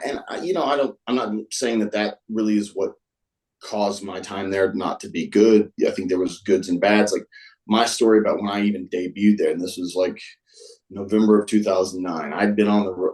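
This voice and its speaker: A man with a fairly low voice, telling stories as a guest on a show. His speech is casual and rambling. He restarts sentences often and leans on fillers like "um" and "like.". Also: darkish tone, rough recording. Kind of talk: casual storytelling.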